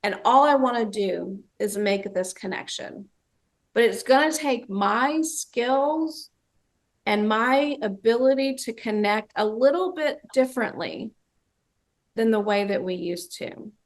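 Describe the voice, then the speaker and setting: A woman's voice: fairly high pitch, animated, unhurried. A woman dementia trainer giving a webinar presentation, telling a story and acting out the quoted voices.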